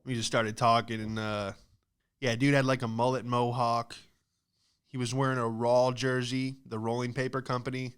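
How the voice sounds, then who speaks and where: A young man riffs through a comic monologue on his own show, rambling and poking fun at himself. His voice is bright and crisp. He slips into quick impressions of the people in his stories. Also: medium pitch, flat delivery. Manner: rambling, self-deprecating, acts out quoted voices. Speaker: podcast host. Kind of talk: comedic storytelling monologue.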